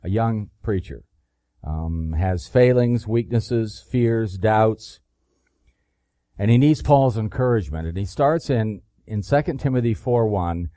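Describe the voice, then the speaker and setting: A man delivering a sermon at an unhurried, measured pace. His voice is mellow and dark, and the sound is dry and close. He reads scripture deliberately, pressing hard on key phrases. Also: on the low side, dry recording. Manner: slow, deliberate reading of scripture with emphatic rises. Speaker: preacher.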